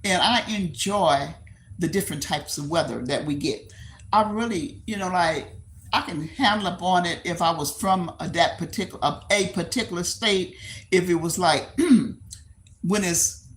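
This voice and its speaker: Gravelly older Texan woman chatting live. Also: on the low side. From Texas. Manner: rambling, repeats herself, laughs easily; reads and answers viewer comments aloud. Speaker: livestream host. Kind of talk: casual chat with live viewers.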